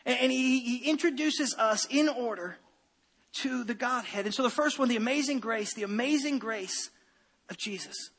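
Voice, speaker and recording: A man preaching a sermon as pastor, animated and given to repeating his phrases and restarting sentences. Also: very high voice, moderate pace, slightly rough, long reverb tail.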